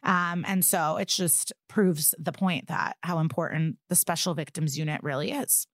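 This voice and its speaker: A woman's voice: low-pitched, moderate pace, no room sound, clean studio sound. A woman co-hosting a podcast, recapping an episode in casual chat and acting out the characters' lines. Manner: animated retelling with acted-out quotes and swearing. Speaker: podcast co-host.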